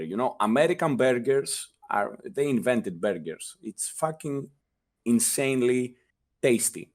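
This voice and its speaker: An animated young man with a European accent, telling stories as an interview guest. He swears freely and slips into the voices of the people in his anecdotes, with his pitch climbing when he quotes them. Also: measured pace. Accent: European non-native English. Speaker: guest, former guild leader. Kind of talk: casual interview storytelling.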